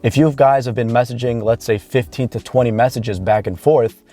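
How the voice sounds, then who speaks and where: A man's voice: mid-range voice, fairly even intonation, normal speed, warm tone. A man coaching viewers on dating, talking earnestly to camera and repeating key points for emphasis. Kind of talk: instructional talk to camera.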